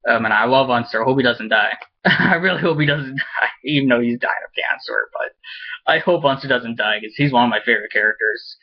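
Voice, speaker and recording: Male home reviewer, mid pitch, halting and rambling, eager fan, muffled lo-fi recording. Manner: rambling and halting, with many restarts; enthusiastic fan, laughs often. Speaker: TV episode reviewer. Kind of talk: casual spoken review. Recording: dull lo-fi recording.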